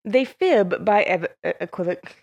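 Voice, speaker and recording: A woman's voice: mid-range voice, expressive, measured pace, vocal fry, darkish tone. A woman hosting a podcast, talking in a playful, self-mocking way. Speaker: podcast host. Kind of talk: scripted podcast outro and blooper chat.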